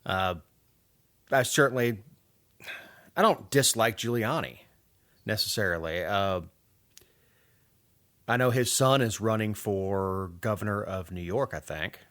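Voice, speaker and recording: A man's voice: fairly low pitch, expressive, unhurried, pauses often, fairly bright tone. A man, co-hosting a casual political podcast with wry, rambling sarcasm. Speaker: podcast co-host.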